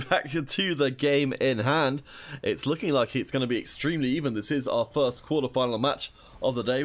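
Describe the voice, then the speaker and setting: A young man casting a mobile shooter tournament alone, chatting with viewers in between plays. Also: mid-range voice. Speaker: esports caster. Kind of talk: solo esports commentary reading chat.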